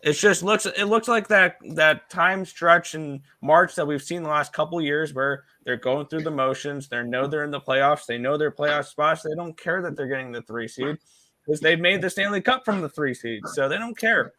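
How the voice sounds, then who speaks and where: A man chatting on a hockey betting stream, calmly laying out his betting views. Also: fairly high pitch, moderate pace, no room sound. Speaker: show guest. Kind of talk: casual chat.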